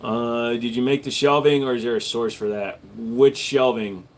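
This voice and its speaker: A man in the middle of his range talks casually to his live-stream viewers. His answers are blunt and matter-of-fact, and his tone stays relaxed and conversational. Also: mid-range voice, normal speed. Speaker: live stream host and gun store owner.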